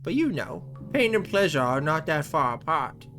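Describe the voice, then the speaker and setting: A man voicing a cruel, gloating male torturer in a horror game, speaking slowly and purring. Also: fairly high pitch, big pitch swings, fairly bright tone, faint music behind. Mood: gloating sadistic.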